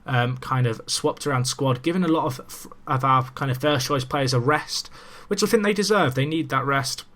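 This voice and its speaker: A young gaming commentator talks into a desk microphone during a casual let's-play, chatty and excitable, tossing in self-mocking asides. His voice is mid-range and his speed normal.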